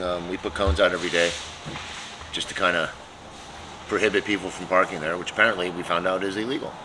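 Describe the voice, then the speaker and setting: A man's voice: low-pitched, noisy background. A man who runs a custom motorcycle shop, telling a long story in casual chat, cursing often and laughing as he talks. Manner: profane, laughing, animated storyteller.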